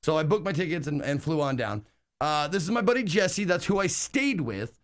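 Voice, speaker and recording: A man's voice: on the high side, big pitch swings, moderate pace. A man telling travel stories during a casual live stream, rambling with lots of fillers and casual swearing. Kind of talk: casual storytelling chat.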